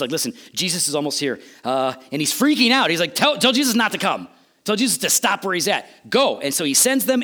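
A male preacher delivers a sermon in an animated storytelling manner. His voice sits high and moves all over the place. He acts out quotes and shifts between loud and soft phrases.

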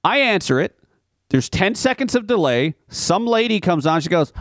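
His voice is high-pitched with big swings in pitch, delivered at a moderate pace. He co-hosts a podcast, chatting casually, spinning meandering, foul-mouthed stories and laughing frequently.

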